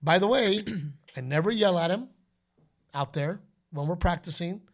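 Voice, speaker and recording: Unhurried and high-voiced, a middle-aged podcast host tells stories in relaxed conversation. He livens them up by performing quotes and announcer calls.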